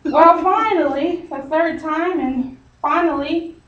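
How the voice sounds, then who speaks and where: A woman's voice: high voice, slow pace, fairly bright tone, muffled recording. A woman teaching a Bible story to a group in a chatty, casual way, full of fillers and "he's like".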